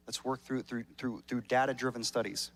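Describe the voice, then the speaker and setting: A man's voice: mid-range voice, little pitch movement, fairly quick, a bit bright. A male pastor preaching a sermon at a church service in a conversational, joking way, often repeating words as he starts a sentence.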